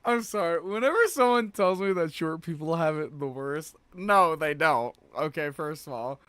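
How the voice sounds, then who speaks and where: A man's voice: a little high, animated, normal speed, fairly bright tone. Crude joking streamer man, noisy audio. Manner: crude, joking, laughs often. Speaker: streamer reacting to clips. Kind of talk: casual live-stream commentary.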